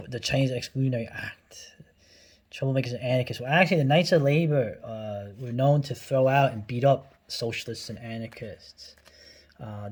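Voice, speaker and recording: Man, forties, New York accent, husky, middle pitch, rambling casual commentary. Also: a little mellow. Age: 40s. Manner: rambling, blunt, full of asides and tag questions. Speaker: video host.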